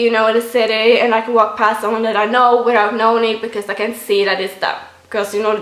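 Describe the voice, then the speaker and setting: A woman's voice: fairly high pitch, a bit bright. A woman in her twenties with a Swedish accent, talking to camera in a casual, chatty way full of fillers. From Sweden. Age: 20s. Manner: chatty, many fillers like "like" and "you know". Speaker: vlogger. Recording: roomy echo.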